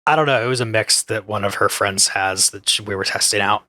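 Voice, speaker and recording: Laid-back joking guy, low but bright voice, co-hosting a podcast. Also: a little fast, dry recording. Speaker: podcast co-host. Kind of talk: casual podcast chat.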